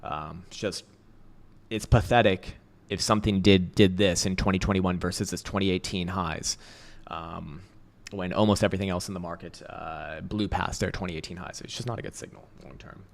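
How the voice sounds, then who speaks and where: A man's voice: low-pitched, fairly even intonation, moderate pace, creaky. A man hosting a crypto trading livestream, talking casually and bluntly with heavy swearing, frequent laughs and rambling restarts. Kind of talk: casual livestream chart commentary.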